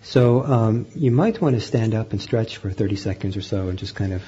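A man teaching meditation, guiding a group in a gentle, unhurried way with frequent pauses and fillers. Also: on the low side, muffled recording, a little hiss or hum. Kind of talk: guided meditation instruction.

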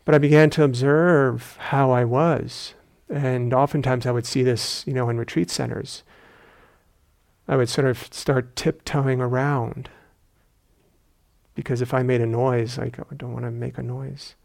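A man with a gravelly, fry-edged voice gives a dharma talk at a meditation retreat center. He speaks in a reflective, unhurried way with gentle humor and a middle-pitched tone. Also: fairly even intonation. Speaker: meditation teacher.

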